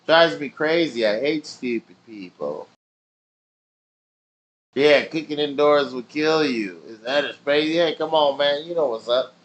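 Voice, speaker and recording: A man's voice: on the high side, unhurried, slight background noise. A man streaming, telling rambling stories in loose slang with plenty of swearing. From family in Nigeria. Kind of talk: casual chat with stream viewers.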